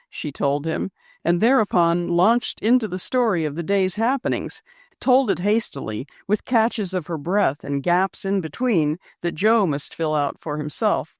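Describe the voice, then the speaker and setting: A woman narrating a classic girls' story as an audiobook reader, with expressive storytelling. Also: lowish voice, normal speed, dry recording, studio quality. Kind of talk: scripted narration.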